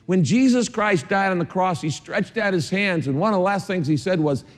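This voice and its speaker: A man with a high-pitched voice preaches a sermon, hammering his points home through repetition and slipping in dry asides. His voice rings out with the long reverb of a large church auditorium. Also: lively intonation, a little fast, few pauses. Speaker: pastor.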